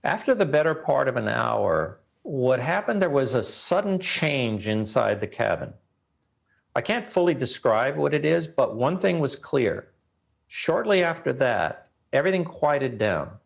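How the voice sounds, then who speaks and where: A man with a rough, gravelly edge to his voice tells a personal ordeal as a TV interview guest. He speaks earnestly and lets his voice drop low at the darkest moments. The sound is dull and muffled, like a remote link. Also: sing-song, unhurried. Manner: earnest storytelling, voice drops low at grim moments. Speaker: guest, reporter.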